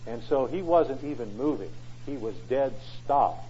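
A man's voice: medium pitch, expressive, measured pace, warm tone, slight background noise. A man preaching a sermon in an emphatic way, often asking rhetorical questions. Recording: dull lo-fi recording.

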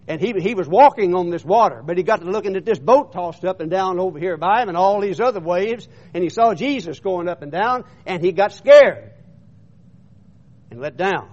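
Male preacher, high voice, emphatic storytelling sermon, dull lo-fi recording. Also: lively intonation, normal speed, darkish tone.

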